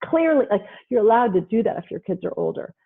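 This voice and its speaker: A woman psychologist giving a lively parenting talk, animated and mimicking parents and kids as she goes, heard over a video call. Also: medium pitch, quick pace, gravelly, breathy edge. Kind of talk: lively lecture with acted-out quotes. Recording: tinny phone-like audio.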